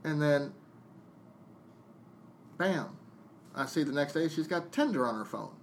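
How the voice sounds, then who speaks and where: A man's voice: fairly high pitch, expressive, a little fast, slight background noise. Blunt, profane man venting on a podcast. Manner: venting, blunt and profane, jumping into quoted dialogue. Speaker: podcast guest, DJ. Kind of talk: casual storytelling chat.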